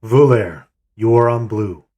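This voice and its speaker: A man on voice chat leading a game raid, calmly explaining a plan and handing out tasks. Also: on the low side, measured pace. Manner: calm, methodical, assigns tasks. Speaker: raid leader and streamer. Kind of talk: voice chat while gaming.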